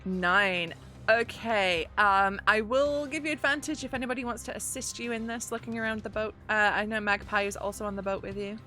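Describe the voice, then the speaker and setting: Woman game master, bright voice, relaxed and jokey, leaning on fillers as she narrates. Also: on the high side, a little fast, hardly any pauses, faint music behind. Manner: loose and joking, many fillers. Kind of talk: running a tabletop spy game.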